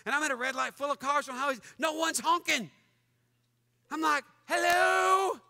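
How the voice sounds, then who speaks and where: A high-voiced male pastor preaches with a bright, cutting edge, his words ringing through a long church hall reverb. He is animated and mock-angry, throwing jokes at his congregation. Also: fast, gravelly. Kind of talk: fiery sermon. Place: church sanctuary.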